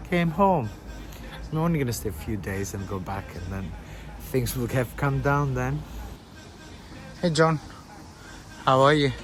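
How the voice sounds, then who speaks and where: A man in a casual vlog, talking in a sulky, complaining way. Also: mid-range voice. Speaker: vlogger's partner.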